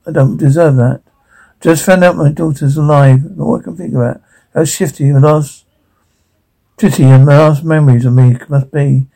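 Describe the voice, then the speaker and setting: A man doing a halting, guilt-ridden gentle man. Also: fairly high pitch, creaky, husky, poor audio. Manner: halting, apologetic.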